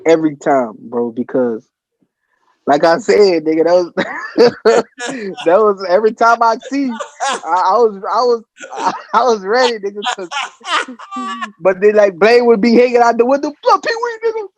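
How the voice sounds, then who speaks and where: A man, a podcast guest swapping stories in casual chat, relaxed and rambling. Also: high-pitched, a little slow, long pauses, highs cut off.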